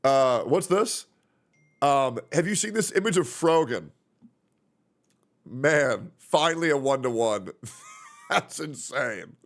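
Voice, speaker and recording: A young male streamer chats casually on a livestream, rambling, swearing a lot, and reacting to chat messages as he reads them. His medium-pitched voice is expressive, with a slow pace and long pauses.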